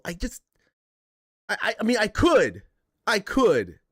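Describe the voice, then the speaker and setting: Male streamer host, slightly higher voice, dry close sound, rambling and emotional, casual rant. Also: huge pitch swings, slow, pauses often, fairly bright tone, dry recording. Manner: rambling, emotional, swears, reads chat aloud. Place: home stream setup in a chair.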